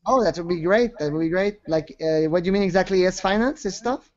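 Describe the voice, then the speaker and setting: A man's voice: high-pitched, fast. A man hosting a casual group call chat, laughing often and apologizing a lot. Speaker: show host. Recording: lo-fi call audio.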